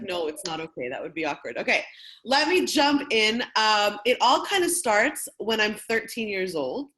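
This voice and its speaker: A woman in her thirties runs a training session as a workshop facilitator, telling a personal story in a frank, lively, conversational style. Her voice sits on the high side.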